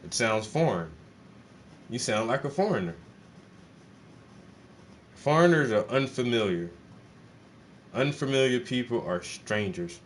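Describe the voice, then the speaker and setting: A man streaming live while he paints, chatting casually to his viewers in a blunt, animated way, swearing freely and firing off rhetorical questions. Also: medium pitch, measured pace, long pauses, a little hiss or hum.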